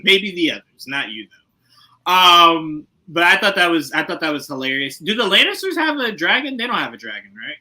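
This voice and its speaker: A man's voice: fairly high pitch, fairly quick, rough recording. A man co-hosting a podcast, chatting casually about a TV show, laughing often and acting out scenes. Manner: animated, laughs often, acts out scenes in put-on voices. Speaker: podcast co-host.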